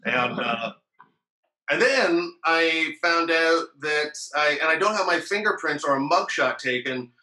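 Guy rambling thru a story, bright voice, echoey room, swears a lot. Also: a little high, lively intonation, a little slow. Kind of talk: casual chat.

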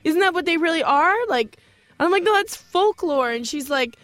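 A woman comedian co-hosts a radio talk show, animated and swearing as she tells stories. Her voice sits high for a woman. The recording is dry and close. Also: normal speed, no echo. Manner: swearing, animated, acts out quotes. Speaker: comedian and co-host. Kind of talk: casual comedic banter. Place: radio studio.

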